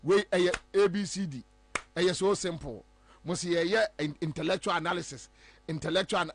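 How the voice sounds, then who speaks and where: A Ghanaian man hosting a political talk show, animated and emphatic, switching between English and Twi. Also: sits high, brisk. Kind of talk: political commentary.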